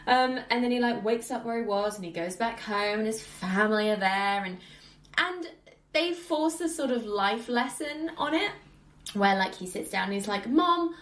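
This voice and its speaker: A woman hosting a casual podcast chat, animated, often laughing and acting out characters' lines. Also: mid-range voice, moderate pace, roomy sound. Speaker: podcast host.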